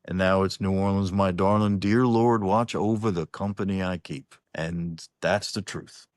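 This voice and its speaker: A man with a low, deep voice talks loosely in a casual online interview. He rambles, restarts his sentences and swears offhandedly. The sound is dry and close, with no room echo. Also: steady tone, measured pace. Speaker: singer-songwriter guest. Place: New Orleans-based. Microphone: online interview call.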